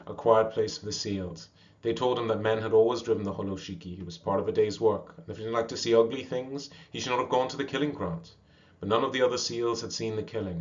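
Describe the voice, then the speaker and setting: A man reading a classic animal story aloud at a steady pace, with small slips and restarts. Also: lowish voice. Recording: dull lo-fi recording.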